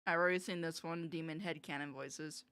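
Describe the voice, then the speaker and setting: A woman streaming live, reacting to videos in an excitable, giggly way with frequent exclamations. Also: sits low, a little fast, clean tone.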